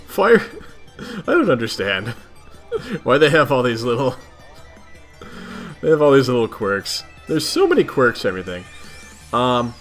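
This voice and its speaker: A man's voice: medium pitch, wildly swooping pitch, unhurried, long pauses, faint music behind. A man reading a webcomic aloud who breaks off to comment in a mock-exasperated way, laughing often. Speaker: webcomic reader. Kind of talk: casual read-aloud commentary.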